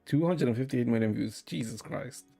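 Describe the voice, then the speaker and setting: A man streaming and chatting with viewers in a deadpan, rambling way, swearing now and then. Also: mid-range voice, normal speed, creaky, faint music behind. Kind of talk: casual chat with viewers.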